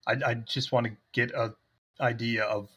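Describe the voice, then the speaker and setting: A cautious man at a tabletop game who hesitates and stammers through his ideas. His voice has a husky edge. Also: medium pitch, flat delivery, normal speed, bright, forceful tone. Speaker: player. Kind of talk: casual tabletop game chat.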